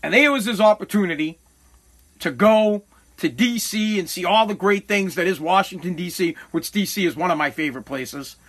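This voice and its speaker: A middle-aged man from Massachusetts hosts a podcast and tells a personal story, stumbling, correcting himself and swearing as he goes. His voice sits high and has a bright, cutting edge. Under it all he sounds weighed down by regret. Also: normal speed. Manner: rambling, profane, self-correcting; heavy with regret.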